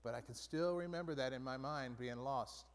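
A man leading a Bible study group in a relaxed, conversational way, often restarting and repeating phrases. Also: medium pitch, moderate pace. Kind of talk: casual Bible study teaching. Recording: long reverb from a large room.

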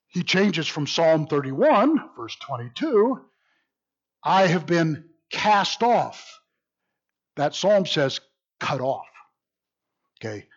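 A man teaching a Bible study in a lively, sardonic way, mixing read passages with his own wry asides. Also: a little high, slightly rough. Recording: dull lo-fi recording.

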